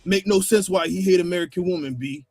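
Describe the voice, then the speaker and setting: A man's voice: high voice, fairly quick, darkish tone, soft background music. A man telling stories in a casual, slangy chat, laughing often.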